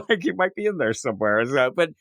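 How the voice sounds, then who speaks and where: A man's voice: a little high, sing-song, brisk, a bit bright, no echo, clean studio sound. A man co-hosting a comic book podcast, recapping an issue in casual, profane, sarcastic chat and acting out the characters' lines.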